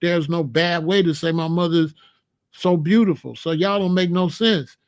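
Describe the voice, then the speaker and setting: Lecturing the viewers in his chat, a livestream host with a slightly high voice talks at a normal speed. His manner is preachy and full of repeated phrases.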